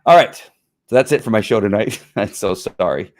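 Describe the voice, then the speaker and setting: A man's voice: on the low side, lively intonation, moderate pace, a little mellow. A middle-aged man, a former police officer, hosting his own show and talking casually in a frustrated, emphatic rant. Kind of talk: casual livestream commentary.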